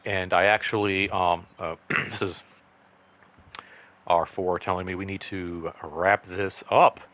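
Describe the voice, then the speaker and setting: Deep-voiced man rambling through a vlog update. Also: takes it slowly. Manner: rambling, lots of "like" and "um"; excited, upbeat. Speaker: channel host. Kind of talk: casual personal update vlog.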